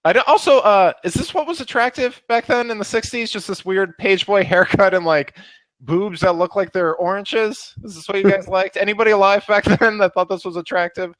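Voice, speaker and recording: A man's voice: high-pitched, fairly quick, a bit bright, no echo. A man co-hosting a casual chat, joking and laughing mid-sentence. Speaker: podcast co-host.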